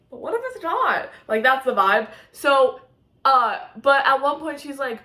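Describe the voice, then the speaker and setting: A woman's voice: sits high, moderate pace. Gushing young woman in an echoey room. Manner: excitable, gushing, drifts into giggles and squeals. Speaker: book vlogger. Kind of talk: casual reading vlog chat.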